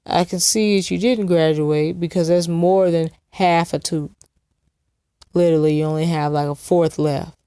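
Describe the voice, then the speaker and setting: Woman, commentary host, sarcastic deadpan, smooth clear voice, dry close recording. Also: lowish voice, normal speed, no room sound. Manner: sarcastic, mocking, deadpan asides. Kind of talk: reaction commentary.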